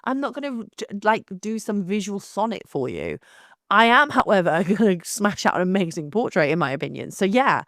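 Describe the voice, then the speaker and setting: A young woman, hosting her own podcast in a blunt, animated, casual monologue with frequent restarts. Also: medium pitch, a little fast, dry recording, clean studio sound.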